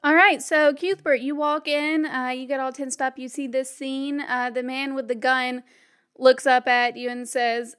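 A woman's voice: high voice, level tone, measured pace, a bit bright, clear, resonant tone. A woman narrating a tabletop western game as game master, describing scenes with frequent fillers.

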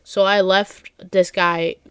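Female podcast co-host, casual storyteller, foul-mouthed, clear tone, dry close sound. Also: mid-range voice, level tone, slow pace, no echo. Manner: swearing, storytelling with lots of "like". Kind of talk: casual chat.

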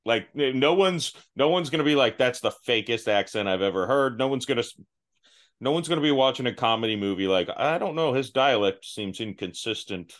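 A man's voice: medium pitch, animated, brisk, a bit bright. A man hosting a podcast, talking casually and self-deprecatingly, often restarting his sentences. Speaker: podcast host. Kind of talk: casual chat.

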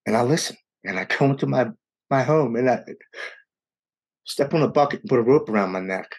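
A man candidly telling a raw personal story in an interview, speeding up and slowing down as the emotion rises. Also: mid-range voice, expressive, breathy edge. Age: adult with young children. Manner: earnest, raw, quickens and slows with emotion. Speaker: guest sharing his recovery story.

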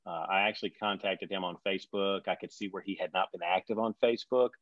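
A middle-aged man telling a story in conversation, animated, acting out the people he quotes. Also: sits low, fast, no echo. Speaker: guest recalling a reality show reunion. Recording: dry, slightly dull sound.

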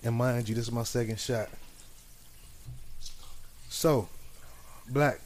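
A man's voice: medium pitch, steady tone, slow, a little mellow, slight background noise. A man hosting a casual chat among friends, loose and joking as he keeps things going.

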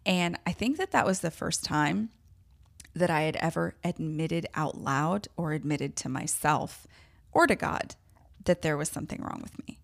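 A woman's voice: low voice, normal speed, creaky. A woman hosting a podcast, telling a personal story in a candid, emotional way with self-deprecating laughs. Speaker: podcast host.

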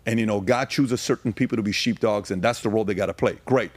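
A man with a fairly low voice speaks as a guest on a podcast. He tells stories in a casual way and then presses his point with pointed rhetorical questions. The sound is dry and close to the mic. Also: fast, slightly rough, no room sound. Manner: grows emphatic and rhetorical, firing questions; frequent fillers and restarts. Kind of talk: casual conversation, storytelling.

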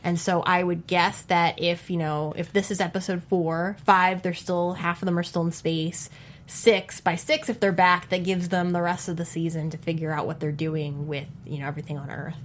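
A woman's voice: fairly low pitch, fairly even intonation, moderate pace, slight background noise. A young woman co-hosting a casual TV chat, rambling and hesitant with many fillers. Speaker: co-host.

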